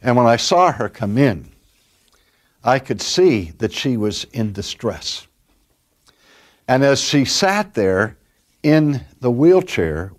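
A man's voice: medium pitch, darkish tone. An older man, a pastor delivering a sermon and telling stories earnestly, stretching out key words for emphasis.

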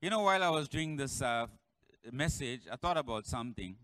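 A pastor preaching a sermon in church, building to shouted refrains and calling on the congregation to answer. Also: male voice, medium pitch, animated, brisk, no room sound, poor audio.

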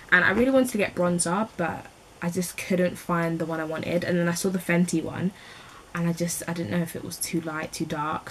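A woman's voice: low-pitched, slight background noise, rough recording. A woman in her twenties with a London accent, rambling chattily through a beauty vlog with slangy asides. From England. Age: 20s. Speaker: beauty vlogger. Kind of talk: casual chat.

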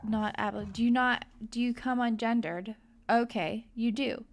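Speaking at normal speed in a fairly high, steady voice, a young female gaming host narrates her own let's-play in a casual, chatty way, gushing over the creatures she tames.

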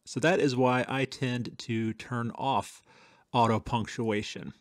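A man hosting a tech channel, chatting casually through a software demo with some fillers and dictated test sentences. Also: medium pitch, fairly even intonation, slow, dry recording, clean studio sound.

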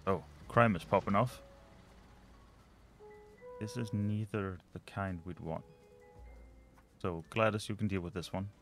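A man's voice: fairly low pitch, steady tone, unhurried, pauses often, faint music behind. A man casually commenting while he plays a management game, often muttering and trailing off as he thinks aloud. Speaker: let's play host.

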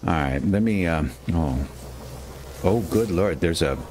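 Man, deep low voice, casual gameplay commentary, chatty, self-mocking, headset mic, faint hiss. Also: lively intonation, unhurried, darkish tone. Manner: chatty, self-mocking, talks to his character. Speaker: gaming channel host.

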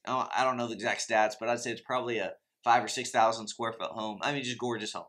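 A man's voice: mid-range voice, steady tone, quick pace, fairly bright tone. A man teaching about faith and money in a conversational, impassioned preaching style, full of asides to his viewers. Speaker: Christian finance teacher. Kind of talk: preachy teaching talk to camera.

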